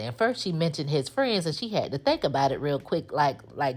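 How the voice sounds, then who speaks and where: A woman's voice: low-pitched, very animated, moderate pace, hardly any pauses, darkish tone. A woman giving a casual, sassy recap of a TV episode, acting out the characters' lines. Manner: chatty, sassy storytelling that acts out the characters' lines. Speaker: TV recap host.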